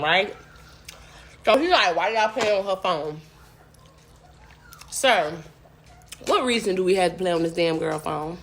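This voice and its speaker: A woman's voice: mid-range voice, a bit bright. A young woman vlogger telling a story casually while she eats, blunt and profane.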